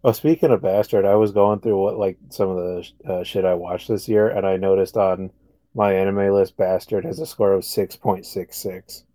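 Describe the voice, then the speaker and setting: A man's voice: deep voice, level tone, normal speed, mellow, no echo. A young man in casual podcast chat, laid-back and joking crudely. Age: young adult. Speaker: podcast co-host.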